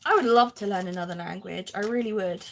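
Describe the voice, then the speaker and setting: A woman's voice: mid-range voice, quick pace, creaky, a bit bright, slight background noise. A woman chatting casually as she crafts on a live stream, laughing often and answering viewer comments. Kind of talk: casual chat while crafting.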